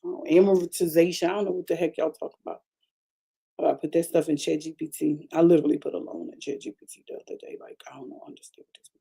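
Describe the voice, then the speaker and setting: A woman pastor preaching a conversational broadcast sermon, chatty and animated, repeating phrases and calling out to her congregation. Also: low-pitched, quick pace, vocal fry, breathy edge. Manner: chatty, repetitive, calls out to the congregation; animated preaching with frequent restarts.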